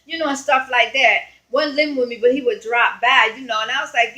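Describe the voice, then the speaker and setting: Bright-voiced woman telling a personal story. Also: a little high, fairly even intonation, rough recording. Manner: halting, rambling retelling full of fillers; earnest, conversational. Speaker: evangelist.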